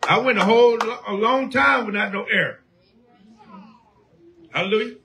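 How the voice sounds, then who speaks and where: High-voiced preacher man shouting sermon. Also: moderate pace, noisy background. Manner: preaching call-and-response, rising to shouts.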